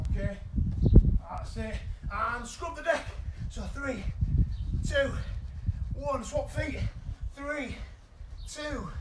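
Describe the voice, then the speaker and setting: Upbeat high-voiced coach in an echoey room. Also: male voice, heavy background noise. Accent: British English. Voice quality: energetic, encouraging instructions. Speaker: children's football coach. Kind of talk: live online coaching session. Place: indoors at home.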